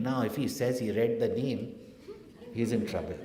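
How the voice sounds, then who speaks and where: A man's voice: medium pitch, moderate pace, mellow. A man giving a spiritual lecture and telling stories in a conversational way, with frequent asides and tag questions. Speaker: spiritual teacher. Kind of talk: lecture with storytelling. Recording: echoey hall, faint background noise.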